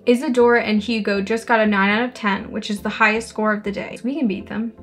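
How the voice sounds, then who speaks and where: A woman's voice: medium pitch, fairly even intonation, a bit bright, soft background music. A young woman reading a story game aloud and joking sarcastically as she plays. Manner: sarcastic, playful, reads characters in quick voices. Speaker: gaming YouTuber.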